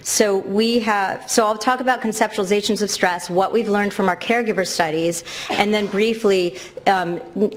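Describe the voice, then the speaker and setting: A woman gives an academic lecture in a medium-pitched voice, explaining things thoughtfully. She often restarts and corrects herself mid-sentence.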